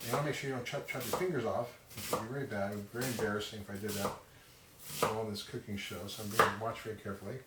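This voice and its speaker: A chatty man talks his way through a recipe in his home kitchen, halting now and then with ums while he chops. He sits back from the mic, and the room rings around him. Loud clatter of knives, dishes and pans fills the background. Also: fairly low pitch, fairly even intonation, very noisy. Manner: chatty, self-deprecating, halting with fillers. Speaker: cooking show host. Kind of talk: casual live cooking demonstration. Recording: roomy, distant kitchen sound with loud clatter. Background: cutlery, dishes and chopping clatter.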